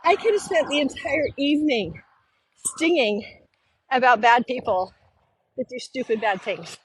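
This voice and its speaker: Animated high-voiced woman telling a story. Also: unhurried, a little hiss or hum. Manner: animated, acts out quoted voices, laughs often. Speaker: podcast host. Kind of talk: casual storytelling monologue.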